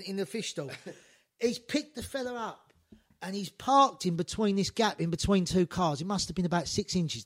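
A man telling lively stories in casual chat, acting out quotes, swearing and laughing. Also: high-pitched. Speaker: podcast guest storyteller.

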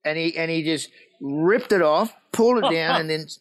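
An Australian man tells stories in a loose, laughing chat, voice sitting a touch high. He swears freely and acts out each quoted line with plenty of swing. The delivery is animated and rowdy. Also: normal speed, low-quality recording. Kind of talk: casual storytelling chat.

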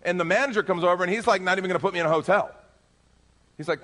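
A male pastor telling a lively story in a sermon, acting out the people in it. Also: high-pitched, fast. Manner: animated, acts out dialogue in his story.

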